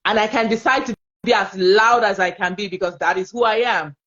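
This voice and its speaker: A woman with a Nigerian English accent, talking in a casual panel conversation as an expressive, laughing storyteller. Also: medium pitch, a little fast, lo-fi sound. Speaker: panel guest.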